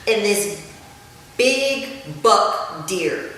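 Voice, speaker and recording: A woman, a podcast guest telling her story in lively, emphatic casual chat. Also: mid-range voice, drawn-out words. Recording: echoey room, distant mic.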